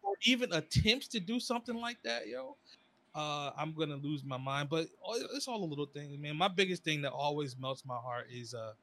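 Slightly high voiced guy talking easy and slangy about his kid. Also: animated, moderate pace, bright, forceful tone. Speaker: podcast co-host, father. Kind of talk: casual chat.

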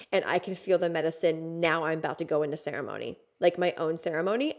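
She's a podcast host with a lowish, slightly mellow voice. The story she shares is personal, delivered candidly and emotionally and peppered with profanity.

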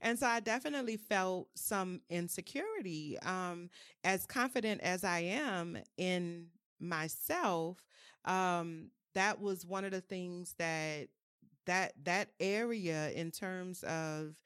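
A candid woman from New with a lowish voice. She talks as a podcast guest in a frank, reflective manner with colloquial phrasing. The sound is dry and close. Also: slow pace, a bit bright, smooth, no room sound. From New Orleans, US. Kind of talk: candid conversational storytelling.

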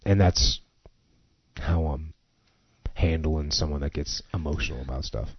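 A man's voice: very deep voice, a little slow, breathy edge, no echo, dull audio. A man hosting a podcast in casual chat, talking earnestly and laughing between thoughts.

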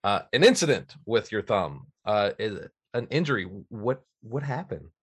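Male interviewer, halting delivery, wide swooping pitch. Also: big pitch swings, husky. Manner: slow, halting questions with restarts. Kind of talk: casual interview.

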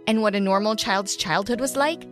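A woman's voice: medium pitch, normal speed, soft background music. A woman narrating a first-person story in a bitter, confessional tone.

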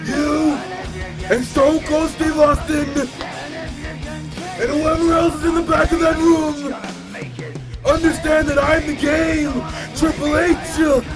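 Man doing a shouting, boastful pro wrestler. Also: very high voice, little pitch movement, slow pace, pauses often, over music, voice pushed up.

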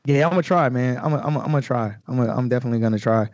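A man talking casually on a podcast about his own verses, loose and slangy with a fair bit of swearing. His voice is mid-pitched and dry, with no room sound. The recording is a bit dull and muffled. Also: rapid-fire, darkish tone, no room sound. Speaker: guest rapper. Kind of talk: casual podcast chat explaining his lyrics.

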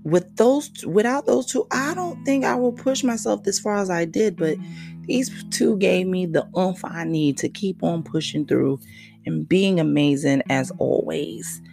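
Gravelly emotional male podcast host. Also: sits high, measured pace, faint music behind. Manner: emotional, animated, drifts into soft whispery asides. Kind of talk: casual solo podcast talk.

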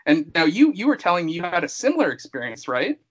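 A man hosts a casual horror-film podcast with a playful, showman-like delivery. His voice sits somewhat high for a man, and his sentences often ramble and restart as he tells a story. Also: sing-song, quick pace, breathy edge, poor audio. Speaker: podcast host.

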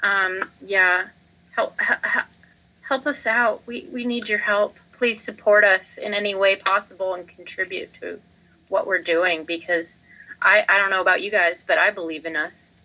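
Playful woman co-host with a bright, forceful tone, quick with jokey asides. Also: mid-range voice, fairly even intonation, rough recording. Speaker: podcast co-host. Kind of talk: casual podcast chat.

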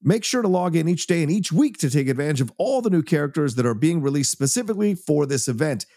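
A man's voice: fairly high pitch, sing-song, fast talker, mellow, dry recording, clean studio sound. A man co-hosting a podcast, reading a sponsor ad with a hyped, promotional delivery. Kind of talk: scripted sponsor read.

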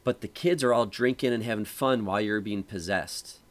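A man with a fairly low voice rambles through a story on a relaxed podcast chat. He keeps circling back, piling up "like" and "um" as he goes. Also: fairly quick. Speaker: podcast host. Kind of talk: casual chat.

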